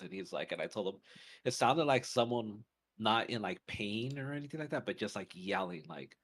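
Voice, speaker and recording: Low-ish guy rambling thru a story on a podcast, lots of likes and restarts. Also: expressive, moderate pace, fairly bright tone. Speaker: podcast co-host. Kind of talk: casual chat.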